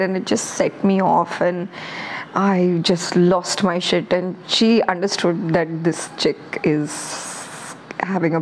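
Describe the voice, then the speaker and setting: A woman's voice: mid-range voice, a little hiss or hum, poor audio. A woman hosting her own podcast, talking on her own in a candid, rambling, self-reflective way. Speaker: podcast host. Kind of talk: casual solo podcast monologue.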